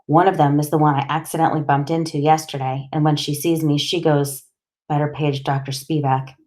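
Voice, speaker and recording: Low-voiced woman narrating an audiobook. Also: little pitch movement, fairly quick, a little mellow. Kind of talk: first-person audiobook narration.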